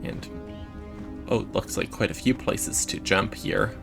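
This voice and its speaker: Gravelly man in casual game commentary. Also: low-pitched, a little slow, music in the background. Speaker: gamer.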